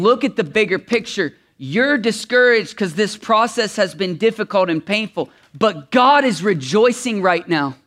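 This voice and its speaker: A man preaching a sermon as a pastor, swinging from shouted emphasis to hushed, intimate passages. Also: extremely high pitch.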